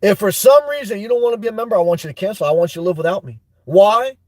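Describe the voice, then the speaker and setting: A man's voice: high-pitched, very fast, darkish tone, dry recording. A middle-aged man, hosting a livestream and reading viewers' comments aloud with frequent laughs. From New York. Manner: chatty, laughs often, reads comments aloud. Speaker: livestream host. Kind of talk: live chat shout-outs.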